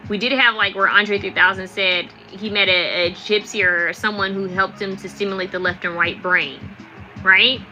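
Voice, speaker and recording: Bright-voiced chatty woman reading tarot. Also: mid-range voice, fairly even intonation, normal speed, lo-fi sound. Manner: chatty and rambling, lots of fillers. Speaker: tarot reader. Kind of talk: live-streamed tarot reading.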